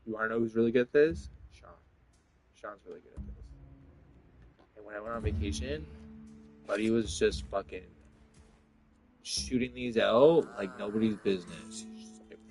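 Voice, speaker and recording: A man's voice: on the low side, normal speed, long pauses, darkish tone, soft background music, rough recording. A man rambling through a casual, profane story monologue, filling his talk with "like". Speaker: vlogger.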